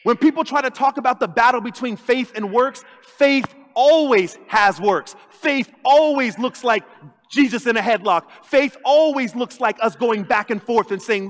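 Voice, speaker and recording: A man with a high-pitched voice preaches an animated sermon, slipping into comic voices as he acts out little scenes. His words ring with a long church reverb. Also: moderate pace. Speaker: lead pastor. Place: church sanctuary.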